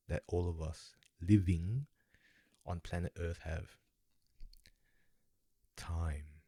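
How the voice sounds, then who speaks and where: A man's voice: low voice, dark tone, slightly rough, no echo. A young man giving a rambling, self-questioning monologue about a quote in a laid-back way. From Australia. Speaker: vlogger. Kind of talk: casual musing monologue.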